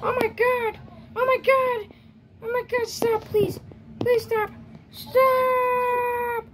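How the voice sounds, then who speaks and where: A squeaky cranky Elmo. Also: flat delivery, extremely slow, background noise, full character voice. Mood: annoyed. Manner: squeaky, whiny, exasperated. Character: small furry red monster, sleepy and cranky. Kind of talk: toy skit for online video.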